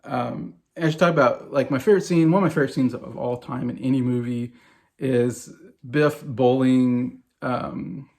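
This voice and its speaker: This movie vlogger, a man in his forties, has a gravelly, darkish mid-range voice and speaks at a moderate pace. Enthusiastic and casual about his favorite films, he rambles with lots of fillers and restarts.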